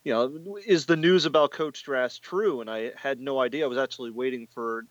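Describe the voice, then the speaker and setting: A man's voice: medium pitch, moderate pace, no room sound. Male radio sports guest on a dull lo-fi line, dry sound, stammering with shock. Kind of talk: interview answer.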